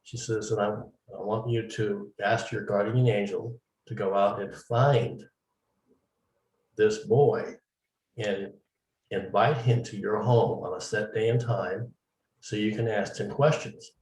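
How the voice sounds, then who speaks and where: Taking it slowly in a steady, darkish voice on the low side, a man being interviewed recounts events at length in a casual manner and acts out the dialogue he quotes. He's a medium interview guest, captured by a distant mic in a roomy setting.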